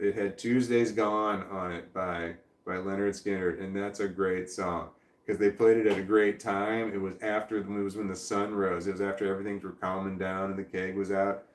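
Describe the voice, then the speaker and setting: A man's voice: on the low side, flat delivery, normal speed, darkish tone, roomy sound. A man hosting a casual livestream, rambling and chuckling as he reads viewer comments aloud and trails off mid-thought. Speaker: livestream host.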